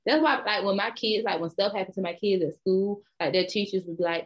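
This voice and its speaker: A woman's voice: medium pitch, a little fast, few pauses. A middle-aged woman co-hosting a casual chat, blunt, brash and profane. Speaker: podcast co-host. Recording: dull lo-fi sound.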